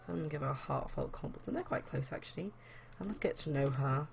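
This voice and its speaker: A woman's voice: low voice, fast, gravelly, crowd noise. A young woman chatting casually as a let's play host, rambling with lots of fillers. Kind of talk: casual game commentary.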